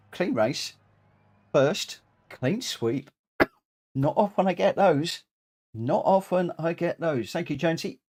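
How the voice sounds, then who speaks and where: A man's voice: medium pitch, darkish tone. A man, coughing and short of breath, giving chatty live commentary while he races in a driving game and repeats his words as he goes. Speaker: live-streaming sim racer. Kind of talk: casual live-stream commentary. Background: game music.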